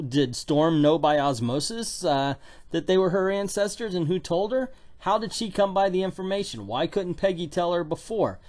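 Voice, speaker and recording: A man reviewing a comic book with sarcastic, exasperated commentary. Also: on the high side. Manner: exasperated, mocking.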